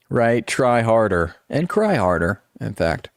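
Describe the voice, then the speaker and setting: A man with a fairly low voice hosts a live stream, reading articles aloud and breaking off into mocking, sarcastic asides. His voice sounds close and dry, with no room echo. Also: big pitch swings, unhurried, few pauses. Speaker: political commentary streamer.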